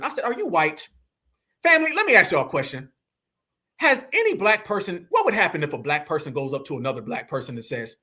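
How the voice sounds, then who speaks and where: High-pitched, fast-talking animated man. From United States. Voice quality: loud, energetic, slangy. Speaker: online show host. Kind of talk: animated livestream commentary.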